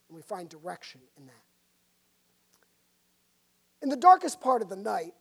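A woman preaching a sermon, telling a story dramatically and swinging between loud and soft. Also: mid-range voice.

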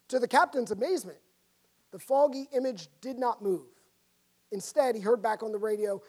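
Woman preaching a sermon, high voice. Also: fairly quick, slightly rough. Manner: dramatic storytelling with a wide swing between loud and soft.

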